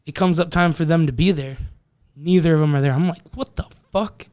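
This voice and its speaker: A young man telling a story on a podcast, swearing a lot and talking in an animated way. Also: on the high side, fast, no room sound. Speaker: podcast co-host. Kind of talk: casual chat.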